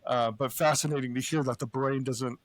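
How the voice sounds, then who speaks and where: A man hosts a podcast in a relaxed, slangy way, with quick laughs as he asks his questions. His voice sits at a middle pitch and is recorded close and dry, with no room sound. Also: no room sound. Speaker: podcast host. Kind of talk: casual interview.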